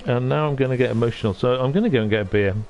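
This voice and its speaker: A middle-aged man chatting on a livestream, soft-spoken and halting, often moved. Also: medium pitch, slight background noise. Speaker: streamer. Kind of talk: casual livestream chat.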